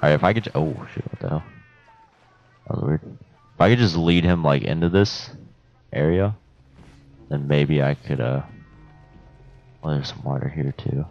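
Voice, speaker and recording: A young man giving profane, excitable commentary while playing a video game, talking trash at enemies. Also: rumbling low, normal speed, vocal fry, long pauses. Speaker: gameplay commentator. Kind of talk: let's play commentary. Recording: dull lo-fi sound.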